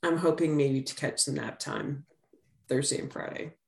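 A woman's voice: low voice, moderate pace, creaky, a little mellow, roomy sound. A middle-aged woman co-hosting a sports podcast, chatting casually with a rambling, filler-heavy way of talking. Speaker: podcast co-host.

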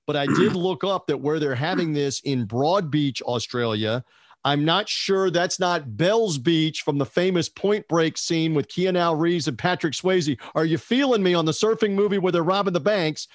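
A chatty man with a slightly raised pitch, rambling from point to point in a casual sports talk show. His voice sits close and dry, with no room sound around it. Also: normal speed, no echo. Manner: chatty, digressive, asks co-host questions. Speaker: podcast co-host. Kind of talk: casual boxing chat.

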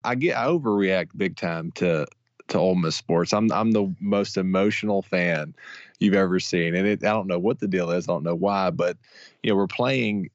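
A man co-hosting a sports podcast who talks in a halting, rambling way with many restarts, like an excitable fan. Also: deep voice, dry recording, muffled recording. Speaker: podcast co-host. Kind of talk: casual sports talk.

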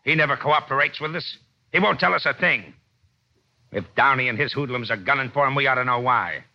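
A man playing a gruff police lieutenant with a sarcastic, grumbling manner, in 1940s radio acting. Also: mid-range voice, fairly quick, sharp tone. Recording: lo-fi old radio broadcast.

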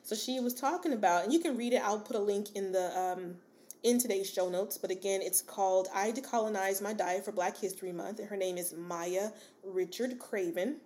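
Hosting her podcast alone, an adult woman with a daughter chats casually and encouragingly, addressing her listener as "sis" and rambling with plenty of fillers and asides. Her voice is medium-pitched and a little mellow, at normal speed.

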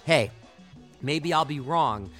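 A man's voice: on the high side, expressive, slow, fairly bright tone, soft background music. Impassioned male sports podcast host. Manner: impassioned, argumentative, emphatic. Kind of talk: opinionated solo commentary.

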